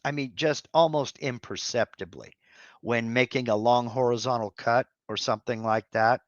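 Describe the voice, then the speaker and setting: A man's voice: medium pitch, no room sound, dull audio. A man hosting a live Q&A stream, answering viewer questions off the cuff with many fillers and restarts. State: has hiccups.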